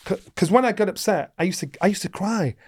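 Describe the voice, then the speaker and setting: A man's voice: high-pitched, expressive, fast. A middle-aged man, a guest in an interview, who tells a long story with energy and acts out the voices of the people in it. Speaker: guest, former boxing world champion.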